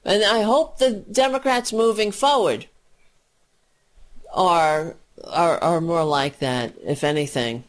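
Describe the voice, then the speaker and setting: A woman's voice: fairly low pitch, slow. A woman giving an exasperated, profane political rant, mocking the people she talks about.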